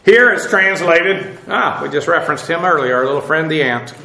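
A man's voice: on the high side, animated, normal speed, sharp tone, reverberant, a little hiss or hum, poor audio. A man preaching a sermon in a conversational way, often asking his listeners questions. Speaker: pastor.

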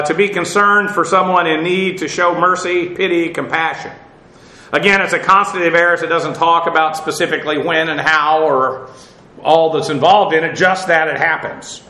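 A man giving a methodical verse-by-verse Bible lesson, breaking down Greek terms and spelling them letter by letter. His voice sits fairly high and sounds bright and forceful. The room around him rings with echo. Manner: frequent "uh" fillers and restarts. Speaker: Bible teacher.

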